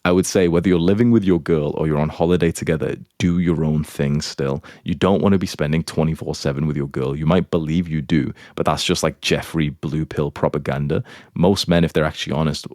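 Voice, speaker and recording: A man's voice: rumbling low, fairly even intonation, brisk, a little mellow, dry recording, clean studio sound. A man giving casual dating advice in a blunt, crude, profane lecturing manner, answering questions. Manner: lecturing, instructive.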